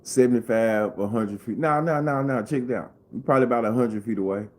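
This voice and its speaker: A man's voice: mid-range voice, a little fast. A man spins a casual storytime on a livestream. He rambles, curses freely and repeats lines as he works his way through the tale. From Memphis, Tennessee. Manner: rambling, profane, repeats himself. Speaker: live streamer.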